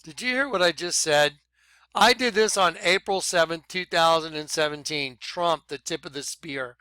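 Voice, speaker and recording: A man vlogging excited commentary over videos he plays, talking emphatically and apologizing for rushing ahead. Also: on the high side, clean tone, no room sound. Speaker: video blogger.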